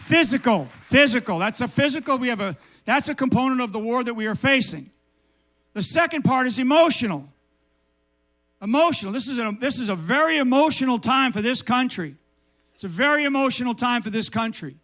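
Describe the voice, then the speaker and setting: A man's voice: very high-pitched, lively intonation, fairly quick, a bit bright. An older man giving an emphatic, repetitive speech to a live audience, often asking "right?". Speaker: speaker at a public event.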